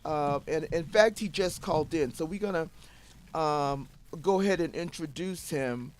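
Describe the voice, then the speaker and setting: A woman's voice: low voice, a little slow, darkish tone. Subdued woman hosting an internet radio show. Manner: subdued, hesitant, many fillers. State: low and saddened. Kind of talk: casual radio show talk.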